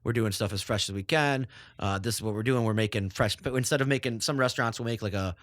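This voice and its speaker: A man's voice: fairly low pitch, fast talker, a bit bright, dry recording. A man, a chef guest, chatting casually in an interview and rambling with lots of filler words.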